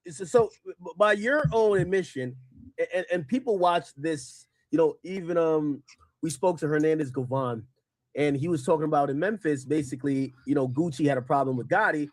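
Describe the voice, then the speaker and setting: Male interviewer; halting, filler-heavy questions, a bit high, dry close mic. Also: no room sound. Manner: halting, fills with "you know" and "um".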